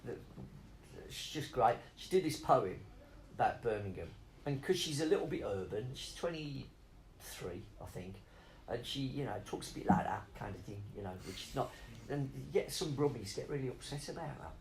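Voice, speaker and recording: A man's voice: mid-range voice, expressive, moderate pace, a little hiss or hum, rough recording. A middle-aged man rambling off on tangents in a casual interview, swearing freely as he talks about spoken word.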